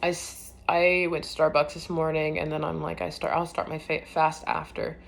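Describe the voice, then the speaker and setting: A woman talking in a casual confessional vlog, rambling and hesitant with many fillers, often trailing off quietly. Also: sits low, little pitch movement, normal speed, gravelly.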